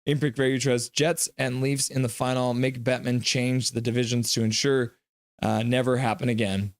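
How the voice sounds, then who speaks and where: Young guy, livestream host, jokey chat banter, ordinary pitch, dry close sound. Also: normal speed, dry recording. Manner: joking, excitable, banters with chat. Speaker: live-stream host. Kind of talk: live reaction stream commentary, reading chat.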